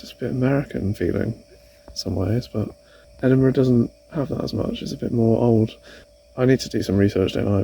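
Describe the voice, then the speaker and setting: Mellow-voiced rambling vlogger. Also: male voice, medium pitch, vocal fry, a little hiss or hum. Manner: rambling, tentative, laughs at himself. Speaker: van life vlogger. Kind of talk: casual vlog chat. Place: outdoors in a city and in a van.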